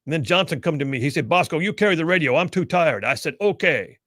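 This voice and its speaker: A man's voice: on the high side, lively intonation, fast, a bit bright, dry recording, studio quality. A man quoting a humble young soldier. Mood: matter-of-fact. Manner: plain, simple broken phrasing.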